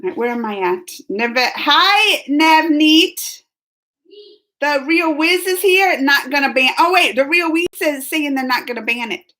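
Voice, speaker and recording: A woman's voice: sits high, lively intonation, measured pace, pushed and bright, rough recording. A woman hosting a casual livestream, chatting loosely and reading viewer comments aloud with frequent laughs. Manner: chatty, rambling, laughs often. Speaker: livestream reaction host.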